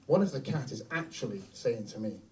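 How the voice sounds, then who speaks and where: A man's voice: mid-range voice, a little fast. A middle-aged man doing a brash, profane stand-up set, telling stories on a comedy club stage, heard from a distance. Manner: brash, profane, animated storytelling.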